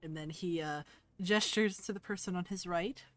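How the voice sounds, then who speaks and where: A woman running a tabletop game as game master, playful and quick to laugh. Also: lowish voice, no room sound. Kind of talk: narrating a tabletop game on a livestream.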